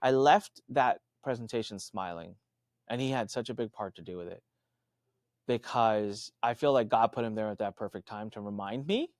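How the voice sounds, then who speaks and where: A man's voice: normal speed, no echo, clean studio sound. A man as a podcast guest, telling a story with lots of fillers and restarts, acting out the other people's voices. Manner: animated, acts out quoted voices with big pitch jumps. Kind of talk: storytelling in an interview.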